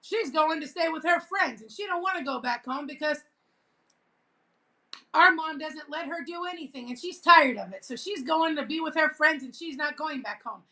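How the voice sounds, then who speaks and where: A woman vlogger telling a childhood story in a casual, animated way, acting out quoted lines and laughing now and then. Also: high voice, moderate pace.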